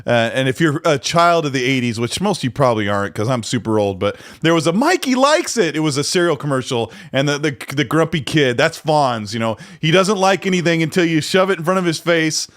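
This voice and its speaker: A man's voice: fairly high pitch, fairly quick, few pauses, no room sound, clean studio sound. A man in his forties co-hosting a gaming podcast, joking and teasing in casual chat. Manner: jokey, teasing, animated. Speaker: podcast co-host.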